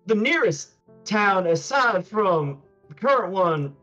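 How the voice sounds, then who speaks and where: A man voicing a flattering adventurer with a put-on Southern drawl, overly gallant and folksy, on a dull lo-fi mic. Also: fairly high pitch, measured pace, faint music behind.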